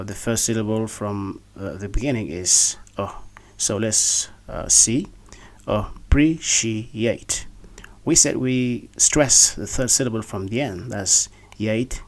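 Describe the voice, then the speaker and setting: Low-voiced man teaching pronunciation. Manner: careful, deliberate, repeats words slowly. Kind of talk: scripted pronunciation lesson.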